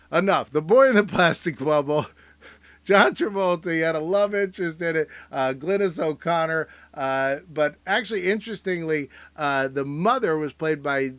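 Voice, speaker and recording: A man rambling through a jokey commentary as host, his voice a bit higher than most men's. The sound is dry and close, with no room echo. He drifts between bright asides and quiet, mumbled trailing-off remarks. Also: lively intonation, moderate pace. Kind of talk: casual comedic commentary.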